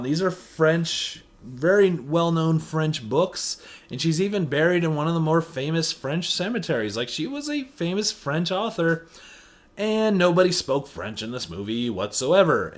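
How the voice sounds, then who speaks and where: A man giving a casual movie review, chatty and sarcastic, often saying "you know". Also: a little high. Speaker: film reviewer.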